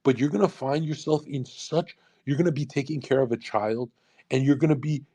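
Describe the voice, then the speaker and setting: A man's voice: mid-range voice, moderate pace, a little mellow. A young man ranting on a live stream, blunt and intense, swearing freely and acting out other people's voices, into a studio condenser microphone. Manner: acts out quoted people in changed voices. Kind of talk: live commentary rant. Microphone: USB condenser studio mic.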